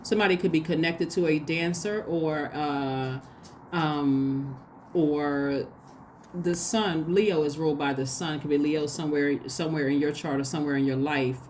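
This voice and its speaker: A woman with a fairly low voice talks through a tarot reading in a relaxed, chatty way. She gets excitable and speaks straight to her viewers. A faint hiss of noise sits behind her. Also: moderate pace. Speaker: tarot reader. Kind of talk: casual spoken tarot reading.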